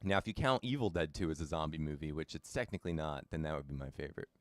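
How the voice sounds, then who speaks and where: A man's voice: very deep voice, quick pace, dry recording. A young man casually chatting with his viewers while streaming a video game, laid-back and talkative. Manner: chatty, laid-back, talks to chat by name. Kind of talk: casual live-stream chat.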